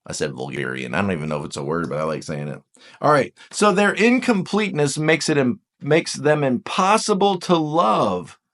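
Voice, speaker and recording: A man's voice: medium pitch, moderate pace. A man teaching about the Enneagram in a casual spoken lesson, talking straight to the viewer and reading book passages aloud with comments on them. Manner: animated, talks straight to the viewer.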